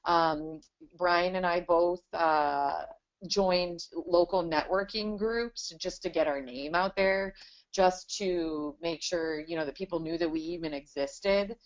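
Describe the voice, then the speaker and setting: A woman's voice: fairly low pitch, slow. A woman in her thirties, a business owner talking casually in a webinar interview and filling her talk with "you know". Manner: chatty, many "you know" fillers. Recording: dull lo-fi webinar audio.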